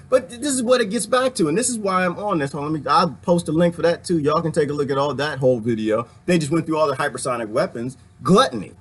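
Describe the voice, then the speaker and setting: Vlogger man, husky and fairly high, animated preachy rant to camera. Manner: animated, preachy, talks straight to the audience. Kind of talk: ranting commentary to viewers.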